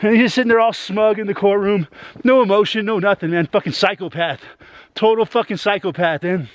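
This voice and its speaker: A man's voice: high-pitched, a little fast, no echo, muffled recording. Man venting in a dry, profane ramble. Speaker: YouTuber. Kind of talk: venting vlog monologue.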